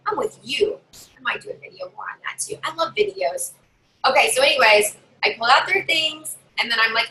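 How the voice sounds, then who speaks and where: A woman giving chatty, animated tips as a direct sales consultant in a casual live video. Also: moderate pace, vocal fry, slight background noise, poor audio. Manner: chatty, animated, acts out customers in higher voices.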